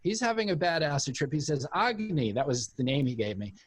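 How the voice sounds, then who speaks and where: His medium-pitched voice is fast with a breathy edge as this author and former cult member tells a personal story to an interviewer. He's an animated storyteller, casually acting out each quoted voice.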